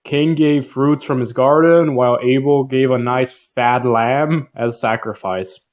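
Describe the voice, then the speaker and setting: A man's voice: medium pitch, steady tone, a little slow, darkish tone. A man narrating a Bible story in a jokey, casual style, full of slang and fillers. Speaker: video narrator.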